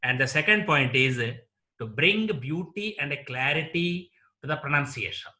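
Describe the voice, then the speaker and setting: A man with an Indian English accent, teaching a lecture on word stress and repeating each example word slowly. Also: a little high, expressive, sharp tone. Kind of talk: slow explanatory lecture.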